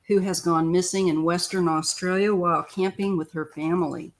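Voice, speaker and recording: Older woman, Missouri-born tarot reader, live-stream style: loose, chatty, throat-clearing. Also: lowish voice, fairly even intonation, normal speed, few pauses.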